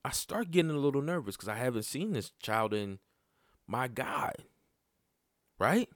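A man tells a story about his child in blunt, casual talk full of swearing. His voice sits at a middle pitch and jumps high and loud when he gets heated. The recording is dry, with no room sound. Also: very animated, measured pace, no room sound. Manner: profane, blunt, conversational; voice climbs high and loud when worked up. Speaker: father telling a personal story.

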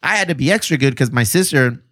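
A man's voice: medium pitch, animated, quick pace, fairly bright tone. A man chatting casually on a podcast, cursing freely and dropping Spanish slang. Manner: profane, laid-back, mixes in Spanish slang. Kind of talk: casual chat.

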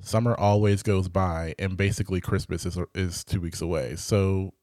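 Low-voiced chatty male podcast host. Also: steady tone, moderate pace, a little mellow, no room sound, clean studio sound. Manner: rambling, chatty, drops the odd swear word. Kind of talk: casual chat.

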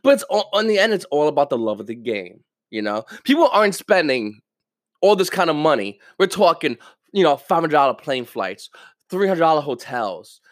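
A man's voice: a little high, normal speed, no room sound, clean studio sound. A man hosting a casual solo podcast, ranting with energy, stumbling over repeated words and cursing now and then. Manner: animated, ranting, stammers and repeats words, swears. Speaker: podcast host.

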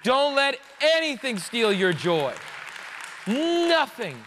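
A man, a pastor, preaching a sermon in a conversational, jokey, animated way. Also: very high-pitched, slow pace, long reverb tail, a faint crowd, slight background noise.

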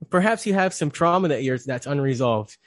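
A man's voice: fairly high pitch, lively intonation, fairly quick, no room sound, studio quality, close to an everyday voice. A man voicing a detached, condescending male therapist who speaks in clinical phrases. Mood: patronizing.

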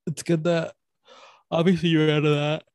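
A man's voice: a little high, flat delivery, normal speed, a little mellow, no echo, studio quality. A man co-hosting a podcast in casual chat, teasing his friend and laughing often. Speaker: podcast co-host.

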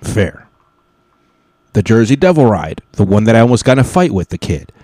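A young man tells a rambling story with plenty of swearing and mid-sentence corrections. His voice sits low and warm, dark in tone. The sound is dry and close, with no room around it. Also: sing-song, moderate pace, no echo. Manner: rambling, profane, self-correcting. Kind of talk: casual comic storytelling.

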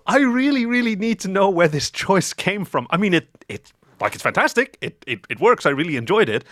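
A man's voice: sits high, very animated, moderate pace, fairly bright tone, dry recording, studio quality. A man co-hosting a comedy podcast, chatting in a wry, theatrical way. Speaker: podcast co-host. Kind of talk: casual chat.

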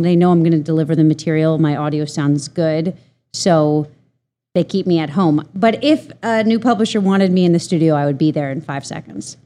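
A woman's voice: on the low side, dark tone. A woman in her thirties, an audiobook narrator, answering interview questions in a chatty, easygoing way.

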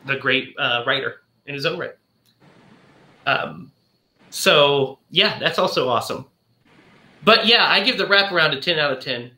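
A man hosting a casual podcast, with a bright, sharp voice that rises high and swings widely in pitch. He talks in an eager, chatty way. His voice rings in an echoey room. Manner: enthusiastic, chatty, retells scenes with quick voices. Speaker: podcast host.

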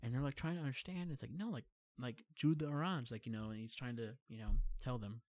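A man's voice: medium pitch, fast, no room sound. A young man casually telling a long travel story, rambling with many fillers and acting out quotes. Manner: rambling, filler-heavy, animated retelling. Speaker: guest storyteller.

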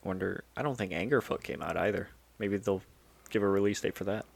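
A man's voice: sits low, brisk, vocal fry, husky. A man co-hosting a gaming news podcast in a laid-back, teasing way, sounding sleepy. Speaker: podcast co-host. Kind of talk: casual chat.

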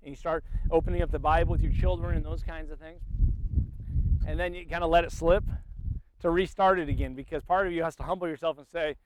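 A man's voice: a little high, fairly even intonation, quick pace. A man preaching an impassioned sermon at a family camp, often repeating words as he builds up. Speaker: pastor. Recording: tinny phone-like sound with loud noise.

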